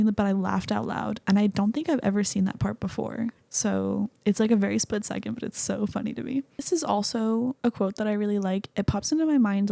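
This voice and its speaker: A woman's voice: mid-range voice, vocal fry, warm tone, no room sound. A young woman hosting a casual solo movie review podcast, chatty and rambling, often cutting herself off mid-thought. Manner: chatty, rambling, self-interrupting. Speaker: podcast host.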